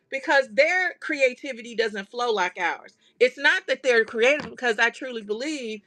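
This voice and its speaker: A woman's voice: on the high side, lively intonation, moderate pace, hardly any pauses, a bit bright. A woman hosting a craft livestream, chatting casually and animatedly straight to her viewers.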